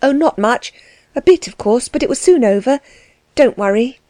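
A blunt, impulsive young girl blurts out her words in halting bursts, a little defiant, as a woman narrator voices her. Her voice sits a touch higher and stays mellow and dry. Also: expressive, no echo, close to an everyday voice. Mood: blurting.

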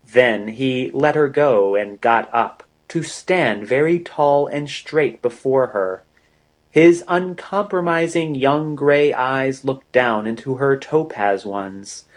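A man reading a romance novel aloud as narrator, in a measured literary way. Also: mid-range voice, lively intonation.

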